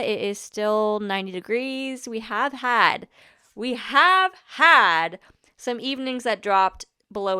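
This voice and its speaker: A young woman hosts her own podcast, rambling happily from one thought to the next with quick restarts and little laughs. Her voice is smooth and clear, sitting at an ordinary middle pitch. It is recorded dry and close, with no room sound around her. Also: pushed and bright, no room sound. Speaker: podcast host. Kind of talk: casual solo podcast chat. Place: Orlando, Florida home.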